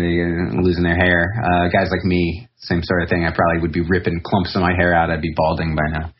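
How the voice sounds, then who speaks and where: Deep-voiced male podcast guest, loose and rambling, muffled sound. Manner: rambling, reflective, many fillers and restarts. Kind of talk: casual interview talk.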